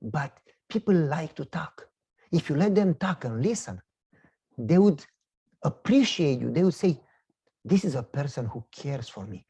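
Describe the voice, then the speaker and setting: Husky, lively male preacher telling a story. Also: fairly high pitch, a little slow, long pauses. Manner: animated, acts out dialogue in a story. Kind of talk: sermon storytelling.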